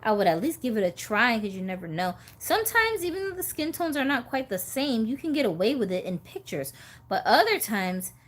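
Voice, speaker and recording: A woman's voice: fairly high pitch, very animated, a little fast. A woman hosting a casual live stream about doll collecting, chatty and giggly.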